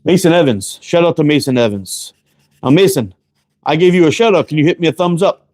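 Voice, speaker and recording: A slightly high-voiced man hosts a relaxed livestream from close to the camera. He talks in a loose, easygoing way, peppers his speech with profanity, and calls out viewers by name as he works. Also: a little fast. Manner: laid-back, profane, greets viewers by name. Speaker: livestream host and slingshot maker. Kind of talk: casual livestream chat while woodworking. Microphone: camera close up, leaning in to read chat.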